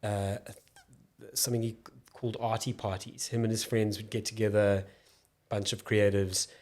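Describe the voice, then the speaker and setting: Podcast guest: man, forties, low-pitched, relaxed and rambling. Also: moderate pace. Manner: relaxed, rambling, self-interrupting. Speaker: podcast guest, actor and comedian. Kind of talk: casual storytelling chat.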